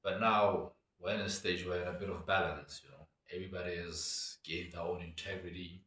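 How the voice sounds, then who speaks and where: Low-voiced guy w a rambling thoughtfully, sounds far off in a roomy space. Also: little pitch movement, brisk, fairly bright tone. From Botswana. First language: Setswana. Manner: reflective, meandering. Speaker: cultural commentator. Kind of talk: casual monologue. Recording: echoey room, away from mic.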